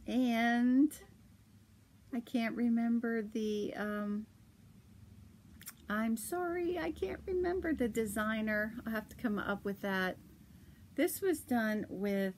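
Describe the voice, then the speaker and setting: A woman's voice: on the high side, slow pace, pauses often, darkish tone, slight background noise. A middle-aged woman hosting a podcast from her yarn shop, chatting casually and laughing often as she tells stories and shows knitting patterns. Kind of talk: casual chat about knitting.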